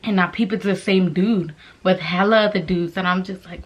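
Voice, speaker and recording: A woman's voice: medium pitch, fairly even intonation, fairly quick. A young woman casually telling a storytime vlog, brash and profane, laughing as she goes. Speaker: vlogger.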